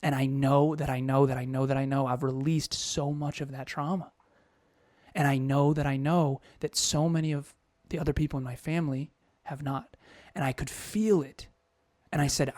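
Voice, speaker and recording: A man in his thirties shares a deeply personal story on a podcast. His voice sits at an ordinary male pitch, and he talks in a raw, confessional way, looping back and restarting as he searches for words. The sound is close and dry, with no room around it. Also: steady tone, moderate pace, darkish tone, no echo. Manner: emotional, confessional, with frequent restarts. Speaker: podcast co-host.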